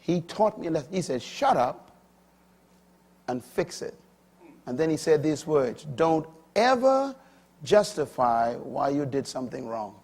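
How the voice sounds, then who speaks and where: An older man preaching a sermon, swinging between loud, high emphatic bursts and low, quiet asides. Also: unhurried, creaky, slightly rough.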